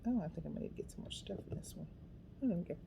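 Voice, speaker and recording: A woman's voice: fairly low pitch, lively intonation, very fast, vocal fry, mellow, a little hiss or hum. A middle-aged woman chatting casually as she works on a craft project, rambling and poking fun at herself as she goes. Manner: chatty, self-deprecating, talks to herself while working. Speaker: craft vlogger.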